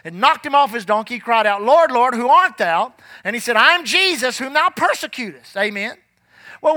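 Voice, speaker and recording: A man preaching a sermon in a folksy, emphatic way, slowing down to read scripture aloud. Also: very high voice, sharp tone, dry recording. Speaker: pastor.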